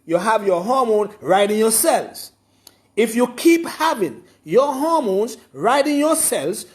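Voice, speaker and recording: A man giving an informal lecture, explaining slowly and repeating his points with emphasis. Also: high voice. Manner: slow, repetitive, emphatic explaining. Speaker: herbalist explaining a program.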